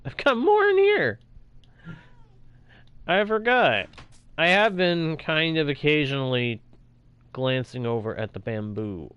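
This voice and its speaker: A man's voice: mid-range voice, a bit bright, smooth. A young man talking casually over his own gameplay as a streamer, reacting aloud to what happens on screen. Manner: chatty, reacts aloud while playing. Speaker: gaming streamer.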